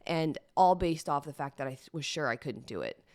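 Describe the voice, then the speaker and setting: Female podcast host, lowish voice, candid and chatty, close dry sound. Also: lively intonation, fairly quick, no room sound. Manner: candid, emotional, chatty with fillers. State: teary-eyed. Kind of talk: personal solo podcast talk.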